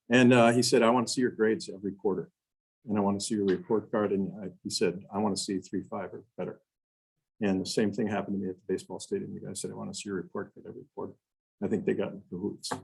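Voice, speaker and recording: A man's voice: on the low side, vocal fry, a little mellow, breathy edge, rough recording. An older man from Wisconsin telling folksy stories to a club meeting, quoting his mentors in their own words with many restarts. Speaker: guest speaker. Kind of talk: storytelling talk to a club meeting. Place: meeting room.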